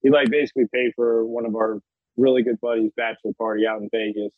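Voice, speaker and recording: Male athlete guest, thirties, relaxed storyteller, husky voice over a tinny phone line. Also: medium pitch, fast talker, no room sound. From South Florida. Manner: laid-back, storytelling, laughs often. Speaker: guest, NFL punter. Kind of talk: casual interview chat.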